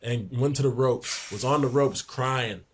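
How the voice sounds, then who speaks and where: A young man in his twenties, a podcast guest, telling lively locker-room anecdotes in a casual way, laughing along. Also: medium pitch, measured pace, slight background noise. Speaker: podcast guest, pro basketball player. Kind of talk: casual storytelling in a sports podcast.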